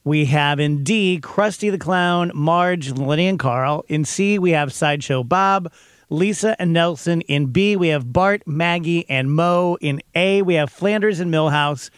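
A man co-hosts a casual podcast and runs through the list in a relaxed, wry way. His voice sits fairly high for a man. The recording is dry and close. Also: unhurried, smooth, no echo. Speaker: podcast co-host. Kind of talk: casual group chat.

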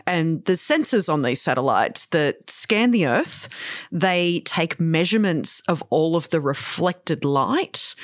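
A woman's voice: on the low side, no room sound, studio quality. An Australian woman co-hosting a casual chat, explaining science in detail and laughing often. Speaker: podcast co-host explaining science.

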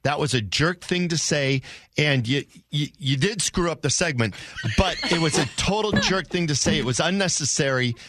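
A man's voice: on the high side, moderate pace, background noise. A man co-hosting a radio show, telling a self-deprecating story in casual banter. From United States.

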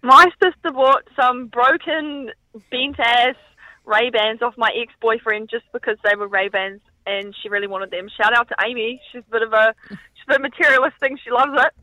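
A woman calling into a radio show, chatty and animated. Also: on the high side, normal speed, no room sound. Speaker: caller. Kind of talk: phone-in chat. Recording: phone line into studio.

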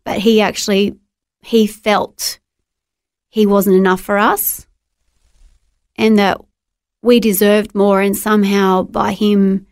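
Earnest woman with a gravelly edge. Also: medium pitch, level tone, takes it slowly, pauses often, no room sound, clean studio sound. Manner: earnest, heartfelt storytelling with frequent restarts. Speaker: guest. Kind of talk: personal testimony interview.

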